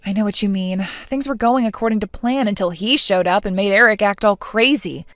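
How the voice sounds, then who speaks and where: A woman's voice: mid-range voice, a little fast, fairly bright tone, no room sound, clean studio sound, close to an everyday voice. A woman playing an indignant, hurt young bride who speaks in an exasperated way.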